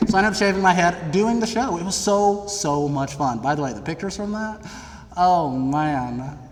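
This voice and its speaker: A young man from Middle Tennessee telling funny stories about his own past to college students, in a lively, theatrical, self-deprecating way. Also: high-pitched, normal speed. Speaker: speaker addressing college students. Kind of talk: humorous personal storytelling. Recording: long reverb of a large hall, faint background noise.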